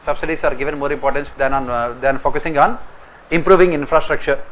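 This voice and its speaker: Indian English male lecturer, slightly high, dictating exam points with deliberate repetition; dull lo-fi recording. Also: steady tone, fairly bright tone, slight background noise. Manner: repeats each point slowly for note-taking. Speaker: exam coaching teacher.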